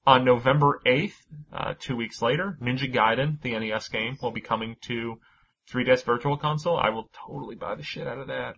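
Brief: chatty male podcast host, husky voice, casual swearing, dull lo-fi sound. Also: mid-range voice, a little fast, fairly bright tone. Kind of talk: casual gaming podcast chat.

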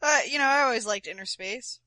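Wry, bright-voiced woman on a podcast. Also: on the high side, brisk, no echo, rough recording. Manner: wry, teasing, deadpan asides. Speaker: podcast co-host. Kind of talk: casual chat.

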